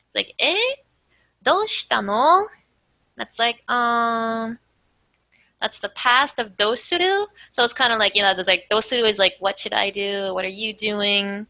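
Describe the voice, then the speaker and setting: A woman's voice: mid-range voice, normal speed, bright, forceful tone, dry recording. A woman casually explaining Japanese words from a manga, chatty and filling her talk with "like". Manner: chatty, full of "like", laughs often. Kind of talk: casual language lesson.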